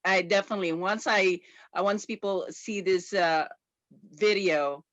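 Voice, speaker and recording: A woman hosting an interview, effusive and gushing, talking with many halting restarts. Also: mid-range voice, dry recording, muffled recording. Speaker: interviewer and host. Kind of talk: casual interview chat.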